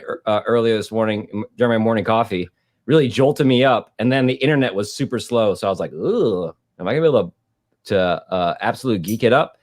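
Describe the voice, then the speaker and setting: A man, a podcast co-host and high school teacher, chatting casually and laughing often. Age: adult, high school teacher.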